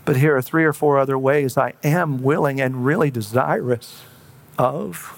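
A man preaching a sermon in an earnest way, slowing down and dropping to a hush for emphasis. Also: mid-range voice, vocal fry.

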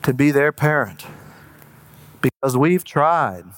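A man preaching a sermon in an earnest way, slowing down and dropping to a hush for emphasis. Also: a little high, expressive.

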